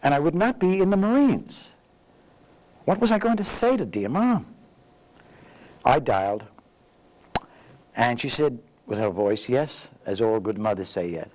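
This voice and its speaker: A veteran from the Bronx, now in his 80s, speaks a little slowly with long pauses in a mid-range voice. He tells anecdotes in an interview, lively and acting out exchanges, over a rough recording.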